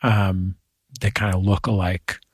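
A man's voice: deep voice, level tone, a little slow, husky, no room sound, clean studio sound. Curious male radio interviewer. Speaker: interview host.

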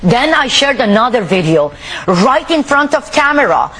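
High-voiced, forceful woman from Iran. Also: very animated, normal speed. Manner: forceful, indignant, emphatic. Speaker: activist guest. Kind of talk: interview.

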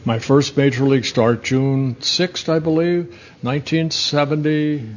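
A man in his seventies from the Netherlands, a former pitcher telling rambling, self-correcting stories in an interview. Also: unhurried, highs cut off. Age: 70s. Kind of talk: casual storytelling interview.

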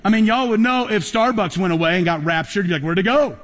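With a high-pitched voice and a quick pace, a middle-aged pastor delivers a storytelling sermon. He builds emphatically to loud peaks, and the recording carries long hall reverb.

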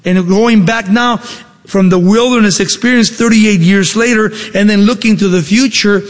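A man's voice: high-pitched, moderate pace, big-room sound. A man preaching a sermon, emphatic, with rhetorical questions and shifting pace. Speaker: pastor.

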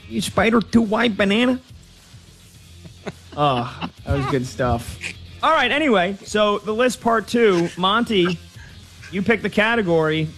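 Male sports talk host, higher-pitched, energetic and jokey, faint music bed. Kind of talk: lively sports talk show banter.

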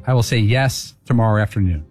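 A man who is a regular on a sports talk show, trading deadpan quips with the host. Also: on the low side, fairly quick, faint music behind. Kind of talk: casual studio banter.

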